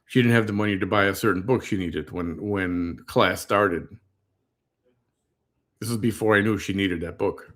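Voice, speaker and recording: A man's voice: low voice, normal speed, a bit bright. A middle-aged man, hosting a casual reaction commentary, blunt and indignant as he tells stories. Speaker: host.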